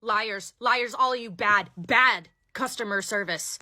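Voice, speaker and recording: A woman's voice: medium pitch, lively intonation, measured pace. A woman doing a rude, demanding lady customer. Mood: accusing. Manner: demanding, yelling.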